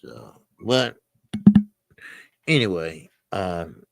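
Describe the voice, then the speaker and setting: Gravelly, laid-back man riffing on boxing. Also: sits low, very slow, dry recording. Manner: animated, talks back to chat, frequent fillers and restarts. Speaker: boxing channel host. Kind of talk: casual live-stream commentary.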